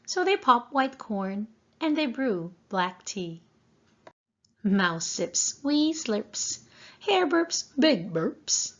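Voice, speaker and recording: A woman, a preschool teacher, reading a picture book aloud to children in an expressive sing-song way. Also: on the high side, drawn-out words. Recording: dull lo-fi sound.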